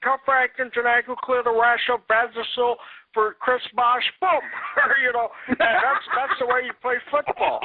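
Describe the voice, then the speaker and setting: A man's voice: extremely high pitch, steady tone, moderate pace. A man impersonating a rambling older male football commentator who stammers and laughs at his own jokes, as a comedy podcast bit. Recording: tinny phone-like lo-fi audio.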